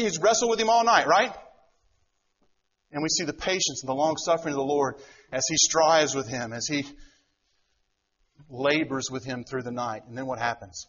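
A man's voice: a little high, moderate pace, pauses often, a bit bright, breathy edge, highs cut off. A middle-aged man preaching a sermon, who keeps asking the congregation rhetorical questions. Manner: asks rhetorical questions, acts out quoted voices. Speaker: pastor.

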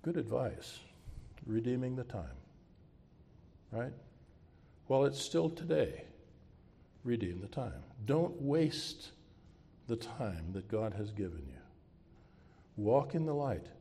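A man's voice: medium pitch, very animated, slow, vocal fry, long pauses, warm tone, breathy edge. A man preaching a sermon as pastor, asking the congregation rhetorical questions and closing with a prayer. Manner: closes with a spoken prayer.

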